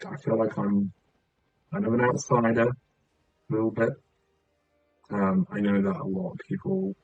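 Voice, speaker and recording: A game streamer from southern England chats casually and rambles as he plays, sprinkling his talk with filler sounds. His medium-pitched voice is creaky and darkish, with no echo and a lo-fi quality.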